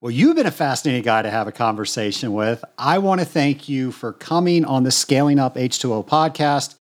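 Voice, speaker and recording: A man's voice: medium pitch, lively intonation, a little fast. A man hosting a podcast, chatting with a guest in a jokey, friendly manner. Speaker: podcast host. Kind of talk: casual interview hosting.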